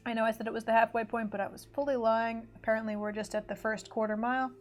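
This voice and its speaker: A woman streamer chats casually while drawing on a livestream, rambling, correcting herself, and slipping into mock race commentary. Her fairly high voice is fast with flat delivery, and faint music plays in the background.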